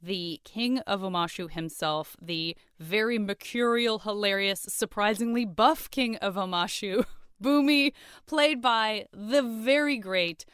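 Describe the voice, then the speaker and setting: A woman's voice: mid-range voice, unhurried, fairly bright tone, clean tone, no room sound, clean studio sound. A woman co-hosting a podcast, playful and self-mocking as she introduces her guest in casual chat. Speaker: podcast co-host.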